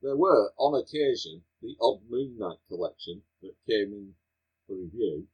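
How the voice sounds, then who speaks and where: A man's voice: on the low side, lively intonation, moderate pace, husky, muffled recording. A man co-hosting a comic-book podcast, chatting casually with wry, mock-old-fashioned banter. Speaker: podcast co-host.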